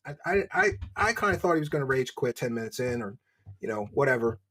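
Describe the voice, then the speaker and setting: A man's voice: mid-range voice, big pitch swings, fast talker, fairly bright tone, husky. A man in casual stream chat, talking reflectively and hesitantly, with many restarts.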